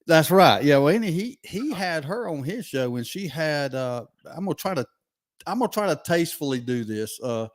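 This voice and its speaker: A man's voice: fairly high pitch, animated, normal speed, no room sound. A man in casual talk-show chat, telling a long anecdote in a rambling way with lots of fillers.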